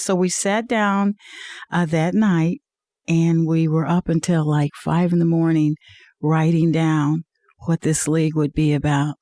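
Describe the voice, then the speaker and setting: A woman's voice: low voice, little pitch movement, measured pace, dark tone, no room sound, studio quality. A woman guest in an interview, telling a personal story in an earnest, heartfelt way, with frequent "uh"s. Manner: earnest, heartfelt testimony with many "uh"s. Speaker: interview guest, league executive.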